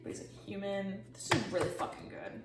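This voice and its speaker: A woman's voice: medium pitch, steady tone, a little fast, far from the mic, very noisy. A young woman casually chatting through her sketchbook, rambling, swearing a lot and mocking herself. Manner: rambling, profane and self-mocking. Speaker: artist showing her sketchbook. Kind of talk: casual chat. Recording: echoey and from off-mic, with music. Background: music playing.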